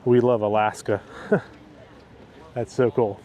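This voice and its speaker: A travel vlogger walks around outdoors on a town wharf, narrating in a chatty, enthusiastic way. His medium-pitched voice is dark-toned and level, and he speaks slowly.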